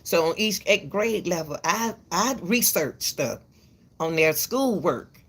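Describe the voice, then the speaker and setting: Gravelly woman lecturing parents. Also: lowish voice, animated, slow. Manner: emphatic and repetitive, lecturing parents; calls viewers "baby". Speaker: commentary channel host. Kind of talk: casual commentary to the camera.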